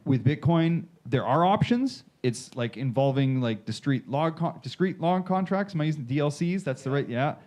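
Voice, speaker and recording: A man's voice: on the high side, lively intonation, moderate pace, few pauses, a little mellow. A man moderating a panel discussion in a casual, rambling way, restarting his sentences often and slipping in dry sarcasm. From Canada. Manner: rambling, self-correcting, jokey sarcasm. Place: conference room panel. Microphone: handheld mic.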